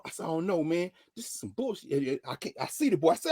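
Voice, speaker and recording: A middle-aged man, a professor telling a story dramatically, dropping to a hush and rising to shouts as he quotes people. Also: fairly high pitch, wildly swooping pitch, fast, dry recording, studio quality. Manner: dramatic retelling, voicing others in quotes, swinging from hushed to shouting. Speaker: professor and regular guest. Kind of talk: animated storytelling lesson.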